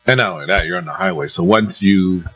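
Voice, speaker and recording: A man's voice: on the low side, very animated, fast talker, creaky, fairly bright tone. A man in a casual chat among friends, insistent and emphatic, with laughs in between. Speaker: podcast co-host.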